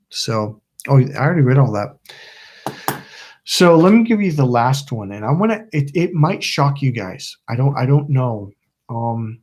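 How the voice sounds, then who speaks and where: Hombre de mediana edad, voz ronca, relatando. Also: male voice, medium pitch, darkish tone. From Napa, California. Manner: swearing, rambling, acts out voices in quotes. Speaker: channel host. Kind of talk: casual storytelling livestream.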